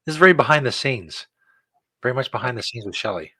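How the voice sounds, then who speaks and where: A man's voice: mid-range voice, animated, fast talker, bright, forceful tone, slightly rough, dry recording. A man hosting a casual show, joking dryly and chuckling often. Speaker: show host. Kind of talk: casual chat.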